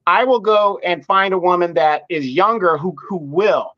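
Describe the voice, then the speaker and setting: A man's voice: high-pitched, moderate pace, muffled recording. A man giving firm opinions in a live online discussion, often repeating words as he starts a point. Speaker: guest commentator.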